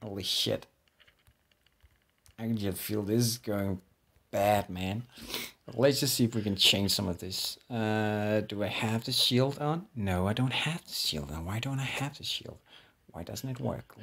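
Husky low-voiced man playing a game. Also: a little slow, fairly bright tone. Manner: jittery, swearing, talks to himself. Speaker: gameplay streamer. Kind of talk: casual gameplay commentary.

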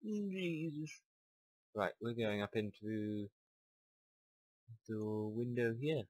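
A young man commentating a puzzle game, talking himself through each step and second-guessing out loud. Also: lowish voice, little pitch movement, slow, no room sound, rough recording. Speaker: gamer. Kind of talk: let's play commentary.

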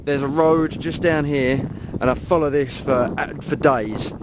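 A man's voice: on the high side, fairly even intonation, unhurried. Self-mocking English man on a noisy walk. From England. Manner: chatty, self-mocking, jokey. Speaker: vlogger. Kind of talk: casual walking vlog narration. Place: outdoors among dunes and woods, walking in rain. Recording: noisy outdoor camera recording.

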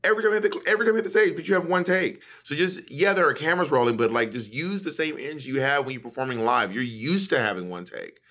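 A man's voice: fairly high pitch, fast, hardly any pauses, a bit bright. A man hosting a podcast in casual chat, gossiping animatedly and swearing freely. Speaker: podcast host.

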